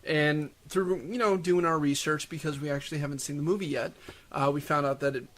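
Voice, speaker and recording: Jokey young man with a higher voice. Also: steady tone, a little fast. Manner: laughs easily, jokey interjections. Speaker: podcast co-host. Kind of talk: casual chat.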